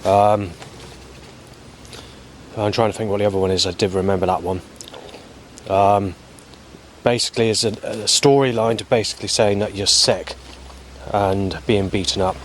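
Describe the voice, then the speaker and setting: A man rambling through a spoken log of his day, halting often with ums and restarts. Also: fairly low pitch, slight background noise. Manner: halting, many ums and restarts, flat recounting. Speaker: vlogger.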